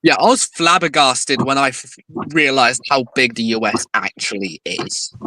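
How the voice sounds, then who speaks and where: A man's voice: medium pitch, animated, moderate pace, pushed and bright, no room sound, low-quality recording. A man from Europe teasing friends in a casual chat over a video call. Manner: teasing, mock-arrogant. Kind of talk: casual live-stream chat.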